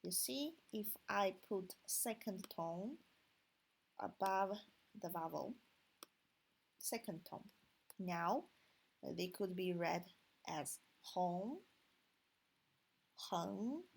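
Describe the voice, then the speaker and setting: A woman whose first language is Chinese, teaching pronunciation and tones, drilling each sound slowly and deliberately. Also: on the low side, vocal fry, breathy edge. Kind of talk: slow pronunciation lesson.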